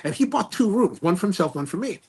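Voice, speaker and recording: Gravelly, husky man telling a story. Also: high voice, fast. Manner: animated, restarts and repeats, slangy. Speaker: podcast host. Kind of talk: casual storytelling.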